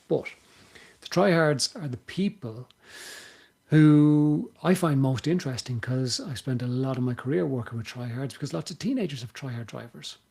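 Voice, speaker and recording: A man with an Irish accent, hosting a podcast, explaining ideas in a casual, animated way and acting out what people say. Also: a little high, husky. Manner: animated, acts out quoted voices. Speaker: podcast host.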